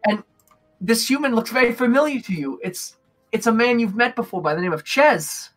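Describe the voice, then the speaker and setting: A man narrating as game master of a tabletop game, describing scenes with frequent pauses. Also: very high voice, expressive, a bit bright, faint music behind. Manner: descriptive, hesitant with fillers.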